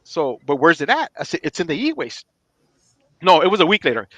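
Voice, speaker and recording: A man's voice: fairly high pitch, a little fast, no room sound. A middle-aged man, a retired police chief, telling a story in a casual podcast chat and acting out the dialogue. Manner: animated, acts out quoted dialogue.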